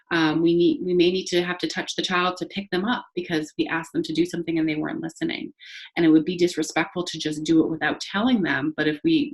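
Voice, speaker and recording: Woman, slightly low voice, conversational staff trainer, lots of ums and restarts, talking to camera. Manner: conversational, many fillers and restarts. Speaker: early childhood trainer. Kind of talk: recorded staff training talk. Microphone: facing the camera.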